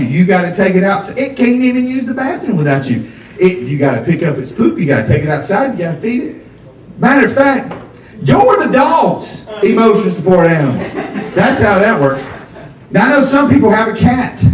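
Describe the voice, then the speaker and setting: A man performs stand-up comedy, drawing out his punchlines in a relaxed storytelling way. His voice sits a little high for a man. It sounds echoey and a bit distant, picked up from off the mic in a small venue. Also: a little hiss or hum. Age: 50s. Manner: conversational storytelling with drawn-out punchlines. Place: coffee shop with a live audience.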